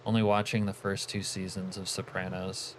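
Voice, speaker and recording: A man's voice: low-pitched, little pitch movement, normal speed, noisy background. A man streaming a game, chatting with viewers and muttering asides, swearing freely. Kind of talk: casual gameplay commentary.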